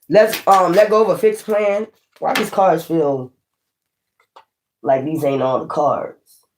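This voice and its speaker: A woman giving a casual spiritual tarot reading, blunt, profane and preachy, rambling with frequent restarts. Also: on the low side. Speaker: tarot reader.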